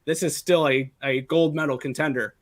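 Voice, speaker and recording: A man co-hosting a casual sports betting show, laying out his hockey bets quickly with many fillers. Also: a little high, fairly even intonation.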